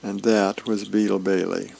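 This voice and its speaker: A man reading newspaper comic strips aloud on a radio show, describing each panel with frequent pauses. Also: on the low side, little pitch movement, gravelly, a little mellow, husky. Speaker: radio reader of newspaper features.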